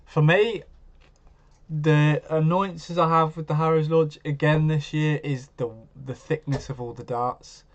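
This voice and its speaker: A man's voice: fairly high pitch, fairly even intonation, measured pace, muffled recording. A man hosting a live stream, chatting casually and answering viewers' comments as he goes.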